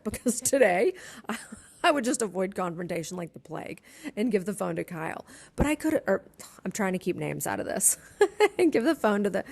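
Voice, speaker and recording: A woman's voice: mid-range voice, a little mellow. A woman, a former yacht stewardess now captain, casually telling a story to camera, chatty and laughing often.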